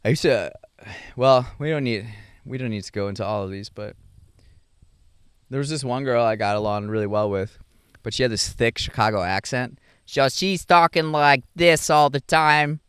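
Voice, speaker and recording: A young adult man hosting a podcast, talking through his thoughts in a rambling, halting way with many fillers and restarts. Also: fairly low pitch, smooth, no echo, clean studio sound. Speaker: podcast host. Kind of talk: casual reflective monologue.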